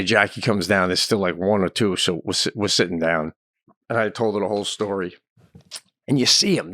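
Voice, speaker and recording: A middle-aged man telling a story in casual chat on a podcast, swearing and acting out the yelling in it. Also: medium pitch, no room sound, clean studio sound. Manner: animated, swears a lot, acts out yelling in his stories. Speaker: podcast co-host.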